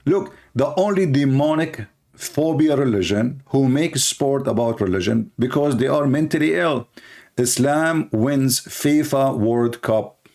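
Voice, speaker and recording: A man's voice: mid-range voice, unhurried, darkish tone. A man giving a sarcastic, insulting rant in a video commentary, speaking English with loose grammar. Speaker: religious critic answering a video.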